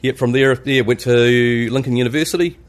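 A man's voice: medium pitch, fairly quick. A man from New Zealand with a New Zealand accent, a landscaper guest on a podcast, laid-back and self-deprecating. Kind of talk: casual podcast interview. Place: studio.

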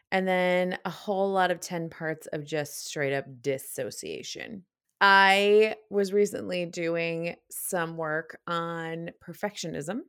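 A woman's voice: fairly low pitch, fairly bright tone, smooth, no room sound, studio quality. A young adult woman hosting a casual solo podcast, a little out of breath, chatty and candid, laughing often and swearing casually. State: slightly out of breath. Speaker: podcast host.

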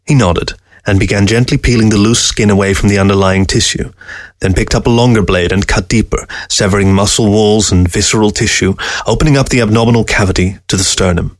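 Low-voiced male audiobook narrator, calm and steady, dry close mic. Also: fairly quick, dry recording. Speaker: story reader.

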